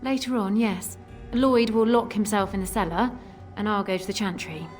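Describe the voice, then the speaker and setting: Actress as wry tavern barmaid in a fantasy game, dry and plain-spoken, light score under. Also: female voice, mid-range voice, steady tone, normal speed, faint music behind, natural voice. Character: wry tavern barmaid keeping order in a grim village. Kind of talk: video game voice acting.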